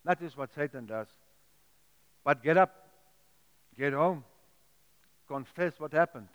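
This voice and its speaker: A man's voice: on the high side, expressive, slow pace, clean tone, dull audio. A man preaching a sermon, earnest and pleading, often repeating and restarting his words. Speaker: pastor. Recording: echoey hall with long reverb.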